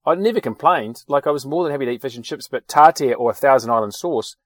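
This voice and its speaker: A man's voice: medium pitch, lively intonation, fast talker, a bit bright, no room sound. Rambling New man, dry close mic. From New Zealand. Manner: rambling anecdotes with swearing and fillers. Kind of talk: casual chat.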